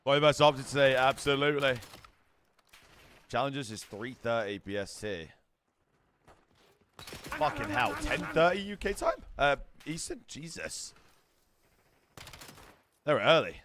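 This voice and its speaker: A man's voice: medium pitch, animated, unhurried, pauses often, fairly bright tone, a little hiss or hum. A young British man streaming a watch party, chatting casually with his viewers, brash and full of swearing. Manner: brash, swears a lot, banters with chat.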